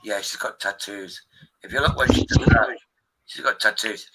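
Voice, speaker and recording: A man's voice: fairly low pitch, very noisy. A man chatting casually on a stream, swearing and joking. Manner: swearing, banter, quick asides. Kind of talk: casual chat.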